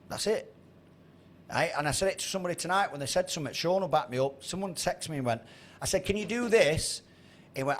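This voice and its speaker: A man's voice: a little high, lively intonation, brisk, slight background noise. A man in his thirties giving a blunt, sweary motivational talk to a trading group on a video call. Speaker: trading mentor.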